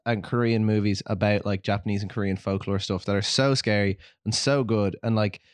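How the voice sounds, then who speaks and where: Wry Irish man with a low voice. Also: steady tone, a little fast, clear, resonant tone, no room sound. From Ireland. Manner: wry anecdotal storyteller. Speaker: podcast co-host. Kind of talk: casual chat.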